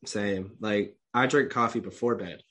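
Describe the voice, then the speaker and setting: A man's voice: lowish voice, a little slow, a bit bright. Congested young man. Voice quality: swears freely, clears throat often. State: congested, coughing. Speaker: podcast co-host. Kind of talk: casual chat.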